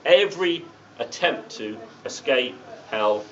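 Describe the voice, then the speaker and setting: A man's voice: medium pitch, animated, slow, a bit bright. A middle-aged man giving a political speech at a meeting, blunt and anecdotal with sardonic asides. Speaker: guest speaker at a political meeting. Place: meeting room. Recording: distant mic, dull sound, faint hiss.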